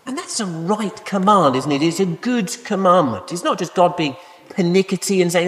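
A man's voice: sits high, sing-song, moderate pace, fairly bright tone. A man preaching a sermon in a conversational way, often asking rhetorical questions. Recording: echoey hall with long reverb.

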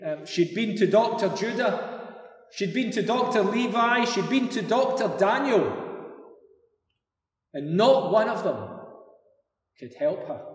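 A male pastor delivering a sermon, telling the story slowly and dramatically with many rhetorical questions. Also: high voice. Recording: echoey hall from far off.

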